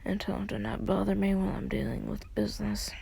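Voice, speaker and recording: Woman reading a rude teen boy assassin: low mutter, gravelly fry, husky. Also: expressive, fast, mellow, exaggerated voice. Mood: annoyed. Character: young man, a bored, rude teen assassin.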